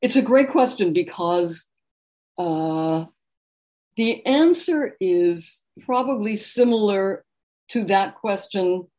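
A middle-aged woman, a book author and interview guest, telling lively anecdotes in a relaxed conversational way. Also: mid-range voice, takes it slowly. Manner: animated anecdotal storyteller, warm laughs.

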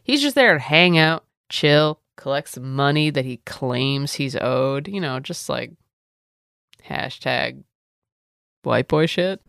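Low-voiced jokey woman podcast host. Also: expressive, slow pace, creaky, a bit bright, no echo, studio quality. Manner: irreverent, jokey, swearing asides. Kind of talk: comedic history storytelling.

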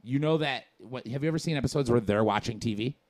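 A man co-hosting a podcast in casual chat, animated, rambling and slangy. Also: medium pitch, fast. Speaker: podcast co-host.

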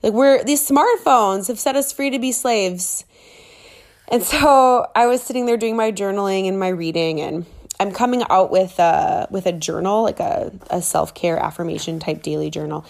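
Casual female vlogger with a gravelly voice, chatty and eager, talking from a rented flat. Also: mid-range voice, normal speed. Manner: chatty and excitable, lots of fillers. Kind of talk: casual travel chat. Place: rented apartment in a big city.

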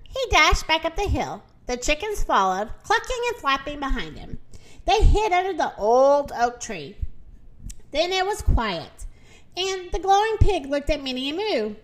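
A woman reading a children's picture book aloud with expressive storytelling. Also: high-pitched, unhurried.

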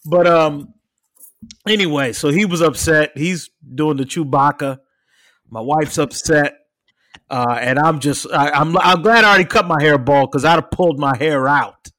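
A high-voiced young man tells a story on a podcast, swearing freely and acting out what people said. The sound is dry and close. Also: moderate pace, dry recording. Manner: animated storyteller, swears freely, acts out quotes and cat sounds. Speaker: podcast co-host telling a story. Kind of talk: casual chat.

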